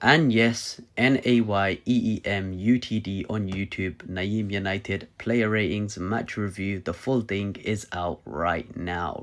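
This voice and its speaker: A man's voice: on the low side, a little slow, few pauses. A man hyped about his team's win in a fan reaction video, chanting and boasting.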